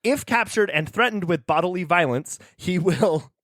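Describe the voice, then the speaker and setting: A man's voice: high voice, lively intonation, normal speed, a bit bright, no echo, studio quality. A man co-hosting a casual podcast, explaining folklore in a playful, loose way with laughs. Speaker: podcast co-host. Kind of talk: casual chat with lore explanation.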